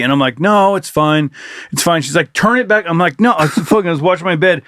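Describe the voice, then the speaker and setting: A man co-hosting a podcast in casual chat, telling animated stories, acting out what people said and swearing freely. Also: fairly high pitch, normal speed, no room sound, clean studio sound. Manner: animated storyteller, acts out quotes, swears freely. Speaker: podcast co-host.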